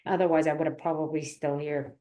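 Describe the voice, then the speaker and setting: Low-pitched woman guest, child care business owner, lively storyteller. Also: fairly quick. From New Jersey. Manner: animated storyteller, laughs easily. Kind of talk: conversational interview.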